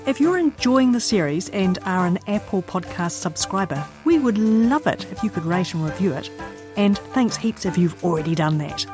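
NZ female co-host, curious, friendly, mid pitch, soft music under. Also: animated, moderate pace. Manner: friendly, curious, asks questions. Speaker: podcast co-host. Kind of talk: casual science chat.

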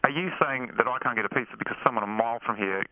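A man's voice: medium pitch, very fast, dry recording. A man playing a casual, hesitant pizza customer who grows exasperated. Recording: tinny phone line.

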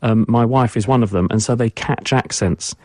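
A man's voice: medium pitch, normal speed, a little mellow, dry recording, studio quality. A man, a science expert guest on a radio show, explaining fluently and repeating words for emphasis.

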